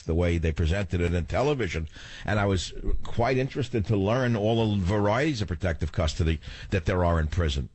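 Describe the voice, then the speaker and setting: A man's voice: low voice, a little mellow, no echo. An older man hosting a talk radio show, theatrical and wisecracking, chatting with callers and musing on air. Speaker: radio host. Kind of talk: talk radio chat and monologue.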